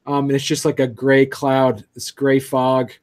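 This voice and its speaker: Hesitant, slow-talking game master man. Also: medium pitch, little pitch movement, darkish tone. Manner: hesitant, many ums and restarts. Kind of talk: narrating a tabletop game.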